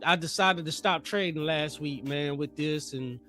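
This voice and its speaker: A man with a high voice hosts a live trading stream. He talks in loose, slangy bursts, pumping up his viewers, while faint music plays underneath. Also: unhurried. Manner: energetic, slangy, hypes the chat. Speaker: livestream trading host. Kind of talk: hype livestream chat.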